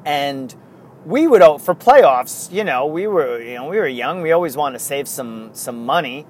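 A middle-aged man, co-hosting a casual podcast and telling rambling stories in excited bursts. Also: on the high side, measured pace. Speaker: podcast co-host. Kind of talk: casual chat.

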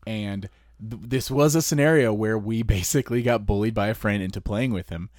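A man's voice: on the low side, a little fast, a little mellow, no room sound, clean studio sound. Chatty, laughing podcast co-host man. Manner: laughing, storytelling. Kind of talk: casual chat.

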